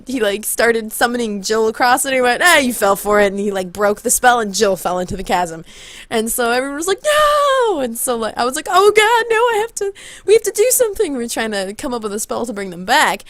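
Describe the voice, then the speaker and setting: A young woman telling a story in a casual vlog, excited and rambling, often backtracking to fix the order of events. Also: mid-range voice, no echo. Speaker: vlogger.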